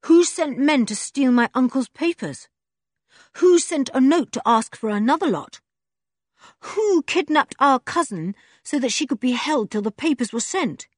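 A woman's voice: sits high, expressive, a little slow, dry recording, studio quality, pitched above the performer's own voice. A woman reading as a bold teenage boy. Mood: accusing. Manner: bold, challenging. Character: bold teenage boy, brave and quick-witted.

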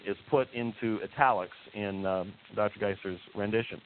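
A man's voice: fairly low pitch, moderate pace, few pauses. A man giving a teaching lecture, emphatic and hesitant in turns, with frequent "uh" fillers and points repeated for weight. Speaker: theology lecturer. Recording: tinny lo-fi recording with faint hiss.

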